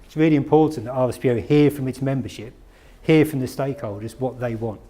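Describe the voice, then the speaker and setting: A man's voice: medium pitch, fast talker, warm tone. Man giving a chatty conference talk. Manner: conversational, asks the audience questions, self-deprecating asides. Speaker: conference speaker. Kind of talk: conference presentation. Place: conference room.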